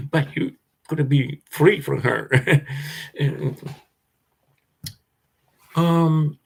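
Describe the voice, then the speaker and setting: Husky man ranting through a story. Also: fairly high pitch, drawn-out words, pauses often. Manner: repetitive restarts, agitated, swears, laughs often. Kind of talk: rambling personal anecdote.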